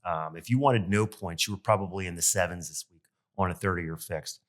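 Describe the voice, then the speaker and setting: A man with a lowish voice talks on a solo podcast in a loose, animated way. He vents with open exasperation and peppers his talk with fillers. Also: a little fast. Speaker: podcast host and loan officer. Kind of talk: casual solo podcast monologue.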